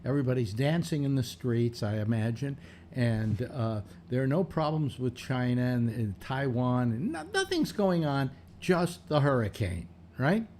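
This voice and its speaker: An older man hosts a loose panel chat, rambling and sarcastic, restarting his sentences often. His pitch swings widely while his tone stays mellow. A faint hiss sits under the voice. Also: expressive, unhurried. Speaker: radio show host.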